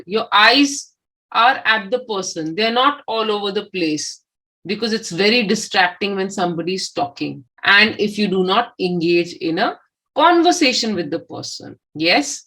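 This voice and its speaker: A woman with an Indian English accent, a communication skills trainer giving a lively motivational lecture and asking her audience questions. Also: mid-range voice, a little slow, rough recording. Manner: expressive, acts out example replies, asks the audience questions.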